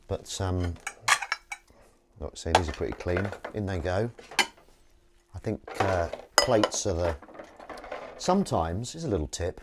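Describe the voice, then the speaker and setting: Washing dishes on a livestream in his own kitchen, a man keeps up casual, rambling chatter and jokey asides to his viewers. He speaks unhurriedly in a deep voice with lively intonation, pausing often, over the clatter of dishes, cutlery and running water.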